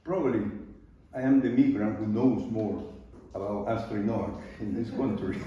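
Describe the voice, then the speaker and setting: An older man from Peru with a Peruvian Spanish accent, a native Spanish speaker, giving an unhurried live talk with loose grammar and frequent pauses. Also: mid-range voice, mellow. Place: large art studio. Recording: very echoey room from far off, dull.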